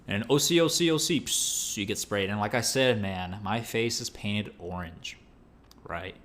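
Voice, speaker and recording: A man's voice: on the low side, unhurried, fairly bright tone. A man hosting a show, telling a story in casual slang and acting out his own reactions. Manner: slangy, many fillers like "like" and "bro". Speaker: podcast host.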